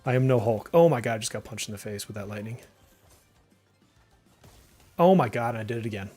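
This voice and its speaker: A man's voice: mid-range voice, lively intonation, a little fast, a little mellow, slightly rough, faint music behind. A man from Massachusetts with a speech impediment and a mild Massachusetts accent that slips through on some words, giving rambling, casual live-stream commentary while he plays, full of "like" fillers. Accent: mild Massachusetts, slipping through on some words. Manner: chatty and rambling, many "like" fillers, reacts aloud to the game. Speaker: game streamer.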